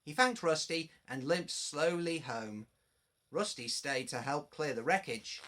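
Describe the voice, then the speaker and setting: A man reading a storybook aloud to young children, addressing them directly. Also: on the high side. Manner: slow, animated, addressing children.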